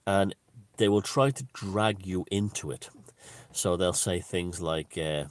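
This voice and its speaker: Guy with a really deep voice going off on a rambling sweary rant, dry close sound. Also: takes it slowly, no room sound. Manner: rambling, profane, with frequent restarts. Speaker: video channel host. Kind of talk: off-the-cuff monologue.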